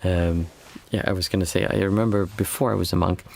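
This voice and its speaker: A man's voice: low-pitched, steady tone, a little fast, gravelly, slight background noise. A man who is a meditation teacher and former monk, talking through a livestream Q&A in a reflective, storytelling way with frequent restarts. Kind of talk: casual livestream Q&A talk.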